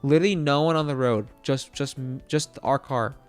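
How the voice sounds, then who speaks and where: A man's voice: mid-range voice, moderate pace, clear, resonant tone, faint music behind. A young man streaming, telling a rambling casual story with many fillers and swearing.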